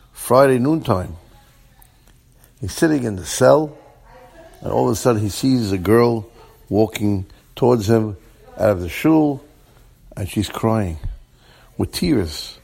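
A man telling a story with lively, animated voices for each character. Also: fairly low pitch, gravelly. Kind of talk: storytelling, acting out dialogue.

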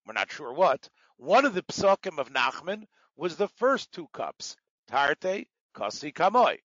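Man, Talmud teacher, slightly raised pitch, rambling patient explanations, dull dry sound. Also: fairly bright tone, no room sound. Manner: digressive, explains terms patiently, many fillers. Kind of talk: lecture with asides.

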